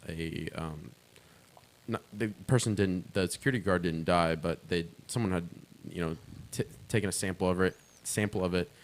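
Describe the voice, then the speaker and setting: A man's voice: low-pitched, a little hiss or hum. A man on a casual talk show panel telling a story in a rambling, hesitant way, full of ums and restarts. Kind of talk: casual chat.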